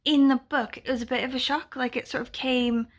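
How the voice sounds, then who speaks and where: Chatty woman with a gravelly voice. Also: sits high, little pitch movement, brisk, a bit bright. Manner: chatty, rambling, full of "like" and "blah, blah, blah". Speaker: book vlogger, readathon co-host. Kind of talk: casual chat to camera. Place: at home.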